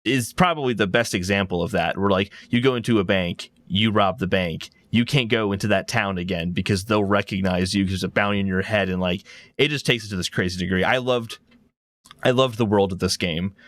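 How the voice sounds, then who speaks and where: A man's voice: on the low side, brisk, fairly bright tone, no room sound, studio quality. A man co-hosting a casual gaming podcast, telling stories in a rambling, enthusiastic way. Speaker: podcast co-host.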